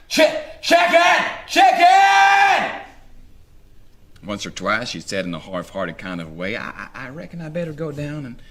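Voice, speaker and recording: A man's voice: deep voice, pushed and bright. Drawling Southern man reading a story aloud. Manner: slow drawling first-person storytelling, wry. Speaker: reader. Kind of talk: live dramatic reading of a story.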